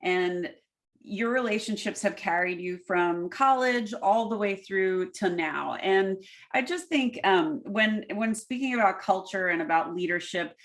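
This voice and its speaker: A woman hosting a casual interview, chatty and eager, with quick affirmations for her guest. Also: medium pitch. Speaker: podcast host.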